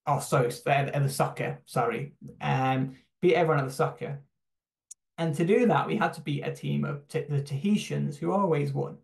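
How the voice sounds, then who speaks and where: A young man from the United Kingdom sharing a personal testimony on a video call, talking in a reflective, halting way with many fillers and restarts. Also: a little high, creaky. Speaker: church human rights team member. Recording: roomy echoing sound.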